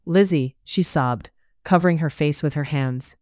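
An audiobook narrator reading a period romance in an even, measured way, close to the mic. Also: mid-range voice, no echo. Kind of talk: scripted narration.

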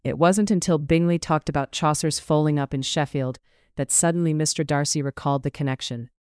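A narrator telling a period novel in a measured, even manner. The voice is smooth and clear, and the recording is close and dry with no room echo. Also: medium pitch. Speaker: audiobook narrator.

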